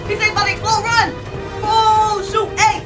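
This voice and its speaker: Excitable high-voiced young woman gamer. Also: moderate pace, distant mic. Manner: excitable, shouts and laughs often, slangy. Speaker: gaming channel host. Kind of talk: excited let's-play commentary. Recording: voice a bit off-mic over game music.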